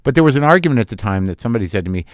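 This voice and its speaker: A man in his fifties, a guest comedian and actor, talking in a halting, self-deprecating way with many restarts. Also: medium pitch, lively intonation, no room sound, clean studio sound. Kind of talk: casual interview chat.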